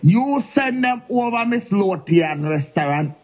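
A woman's voice: medium pitch, moderate pace, slight background noise. Jamaican lady ranting mad on a live stream, taunting, keeps repeating the name, kinda muffled lo-fi sound. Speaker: social media personality. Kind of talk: angry live-stream rant.

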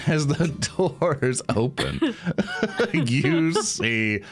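A man's voice: mid-range voice, animated, drawn-out words, over music. A man narrating a tabletop game as game master, rambling and often laughing.

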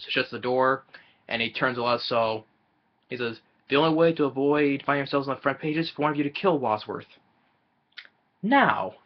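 A man casually retelling a film's plot in a rambling, halting way, with many fillers and chuckles. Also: medium pitch, lo-fi sound. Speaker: film reviewer.

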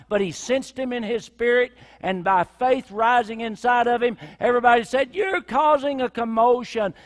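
A male pastor preaching a sermon in a church, his delivery swinging from loud cries down to near whispers. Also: very high-pitched. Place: church sanctuary with a congregation. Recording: reverberant church hall.

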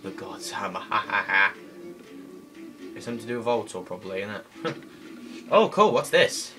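A man doing chatty, excitable let's play commentary, laughing and shouting at enemies as he plays. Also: on the low side, normal speed. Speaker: gameplay commentator. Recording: game music loud behind voice.

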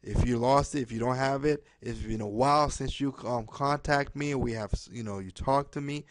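A man making a direct appeal to camera, pleading and repeating himself, ending most lines with a low "okay?". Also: normal speed, dry recording. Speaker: home business promoter.

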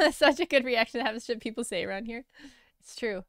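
Woman, streaming artist, casual chat with viewers, self-deprecating, laughs easily, fairly high voice, dry close-mic sound. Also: expressive, normal speed, no echo.

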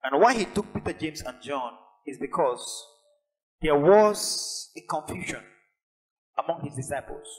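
A pastor preaching a sermon, building to emphatic, repeated lines. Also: male voice, fairly high pitch, lively intonation, a little slow, low-quality recording. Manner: preaches with rising intensity and emphatic repetition.

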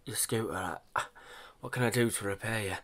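A man voicing a flustered, apologetic father who is new in town, in an animated comedy, polite and stammering. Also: on the low side, fairly quick.

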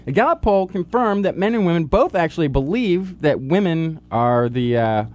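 Radio science co-host, man, joking, dramatic, lively pitch, slightly high voice. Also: normal speed. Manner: playful, jokey, dramatic readings. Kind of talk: radio science talk show. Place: college radio studio.

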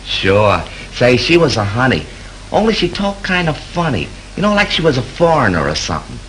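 A man's voice: medium pitch, wildly swooping pitch, normal speed, a bit bright, slight background noise, rough recording. An actor playing a chatty, slangy male hotel bellhop recounting a fight in a 1930s film. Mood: gossipy. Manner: slangy, gossipy storytelling. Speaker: night bellhop.

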